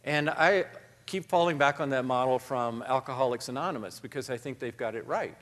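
A man talks onstage as a guest author, his voice ringing out with a long echo through a large hall. His pace is steady, and his delivery is reflective and self-deprecating. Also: medium pitch, fairly quick. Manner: thoughtful, self-deprecating, reads passages aloud. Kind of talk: live onstage conversation.

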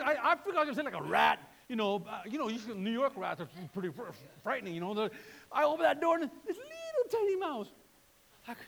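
A man preaching a sermon in a lively way, repeating words and acting out voices. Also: very high voice, big-room sound. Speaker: pastor.

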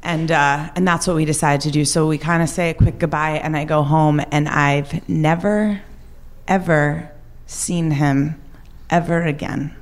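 A woman's voice: sits low, fairly even intonation, moderate pace, hardly any pauses. A young woman telling a personal true story on stage, candid and wry. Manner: candid, shifts between wry and raw.

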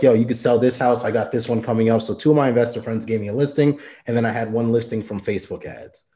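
A man's voice: medium pitch, mellow, roomy sound. A young man telling his own story in casual, slangy talk, often acting out what others said.

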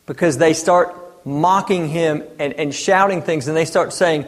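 A man's voice: on the high side, a little slow, big-room sound. A man in his thirties preaching a sermon, asking rhetorical questions and pressing his points with emphasis. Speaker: pastor.

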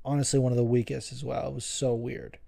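A man hosting a solo podcast, chatting loosely and cursing freely as he circles back to correct himself. His tone is soft and mellow at a middle pitch. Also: little pitch movement, fast talker, vocal fry. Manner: profane, rambling, self-correcting. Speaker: podcast host. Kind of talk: casual solo podcast chat.

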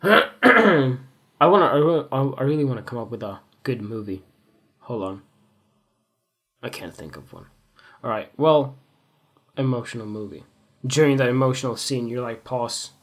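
A man's voice: mid-range voice, lively intonation, normal speed, long pauses, a bit bright. A young man and photographer talking frankly in a casual, rambling monologue, swearing freely and joking at his own expense. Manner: candid, rambling, swears freely, self-mocking humor.

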